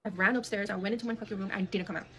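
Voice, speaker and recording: A woman's voice: medium pitch, steady tone, racing, fairly bright tone. A woman, telling a dramatic personal story in a blunt, heavily cursing manner. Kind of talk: casual storytime monologue.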